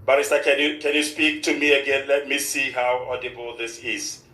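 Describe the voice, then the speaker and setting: A man's voice: medium pitch, little pitch movement, a little fast, sharp tone, echoey room, rough recording. A man hosting a live radio show in a formal, repetitive manner, with a short prayer. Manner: formal, repeats "of course" often. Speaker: radio host.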